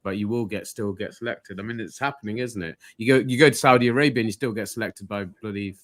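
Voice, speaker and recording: A man hosting a casual football fan chat, talking in a measured, reflective way. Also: fairly low pitch, a bit bright, dry recording. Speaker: fan channel host.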